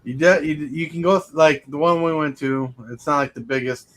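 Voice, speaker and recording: Rambling male stream host, a bit high. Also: brisk. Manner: rambling, restarts a lot, laughs at own jokes. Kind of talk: casual chat. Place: home streaming setup.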